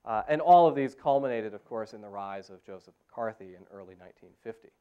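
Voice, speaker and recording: Lower-voiced man lecturing, many "uh" fillers. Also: lively intonation, fast, dark tone, clean tone, muffled recording. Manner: frequent "uh" fillers and restarts. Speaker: history professor. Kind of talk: academic lecture. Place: university lecture hall.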